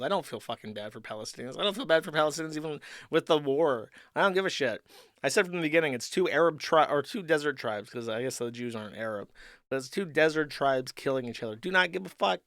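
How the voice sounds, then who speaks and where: A man's voice: on the high side, pushed and bright, dry recording, clean studio sound. Profane ranting male streamer. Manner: crude, ranting, profane, rambling. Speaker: streamer host. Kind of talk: livestream monologue. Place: home streaming desk. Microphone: desk mic at computer.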